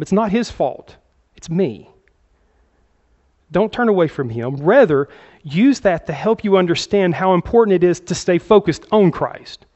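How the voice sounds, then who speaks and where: Male pastor, conversational sermon delivery with frequent check-ins, fairly high voice, muffled recording. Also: a little mellow. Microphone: handheld microphone.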